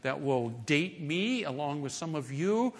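Middle aged guy preaching, chatty and animated, voice jumps up and down a lot. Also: a little high, unhurried. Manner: animated, conversational, playful asides and mock voices. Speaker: pastor. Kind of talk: sermon.

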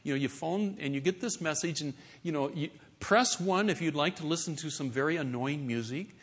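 A middle-aged man preaching a sermon in a conversational, animated way, with playful asides. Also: a little high, fairly quick. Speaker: pastor.

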